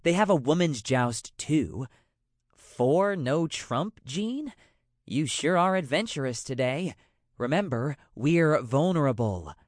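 A man's voice: fairly high pitch, lively intonation, takes it slowly, no room sound, clean studio sound. A man doing a dryly witty, coaxing woman. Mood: teasing.

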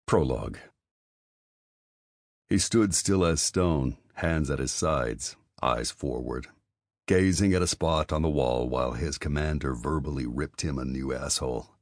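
A man narrating an audiobook in an even, measured reading. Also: a bass voice, no echo, clean studio sound. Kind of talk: scripted narration.

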